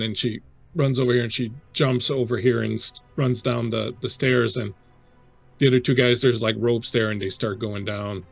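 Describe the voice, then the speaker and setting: A man's voice: mid-range voice, fairly even intonation, moderate pace, creaky, faint music behind. A man narrating a tabletop role-playing game as game master, loose and rambling with fillers.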